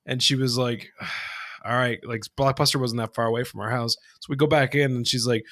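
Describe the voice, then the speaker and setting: A man's voice: medium pitch, a little fast. A man co-hosting a casual podcast, telling a childhood story with lots of swearing and acted-out voices. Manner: animated, profane storyteller acting out voices. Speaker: podcast co-host.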